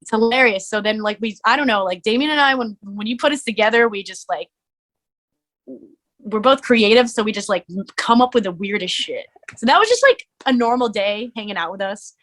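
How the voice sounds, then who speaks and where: A young adult woman, a musician and streamer, chatting casually as a podcast guest, full of "like" fillers and quick to laugh. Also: on the high side, expressive, fairly bright tone.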